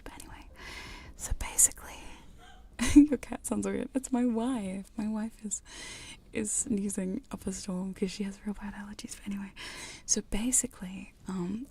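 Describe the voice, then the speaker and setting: A woman streamer in a whispered livestream chat, rambling and giggling as she reads the chat. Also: medium pitch. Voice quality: soft whisper. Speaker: ASMR streamer. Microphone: studio condenser microphone.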